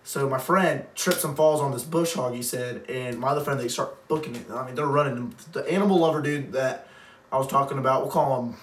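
A man's voice: mid-range voice, fairly quick. Young male co-host, rambling storyteller who laughs a lot; off-mic, echoey room, light hiss. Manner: rambling, laughs often, heavy use of "like". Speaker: podcast co-host. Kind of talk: casual storytelling chat. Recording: roomy, distant mic, faint background noise.

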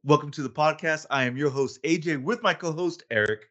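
A man hosting a whiskey podcast in casual chat, laid-back and quick to laugh. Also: fairly high pitch, fairly bright tone. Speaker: podcast host.

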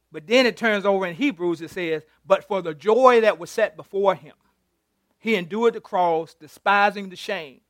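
A man's voice: high-pitched, a bit bright, no room sound, clean studio sound. A male pastor giving a conversational, interactive sermon, teasing members of the congregation and retelling scripture.

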